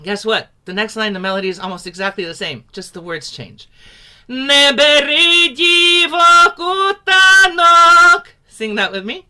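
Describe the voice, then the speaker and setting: A woman's voice: medium pitch, fairly quick, hardly any pauses, pushed and bright. A woman teaching a folk song in an encouraging, patient and playful way. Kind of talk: leading a sing-along lesson.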